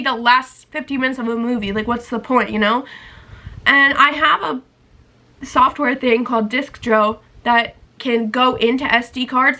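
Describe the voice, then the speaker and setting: A woman's voice: sits high, pushed and bright. A young woman vlogger telling a rambling story in a casual chatty style, full of "like" and acted-out quotes.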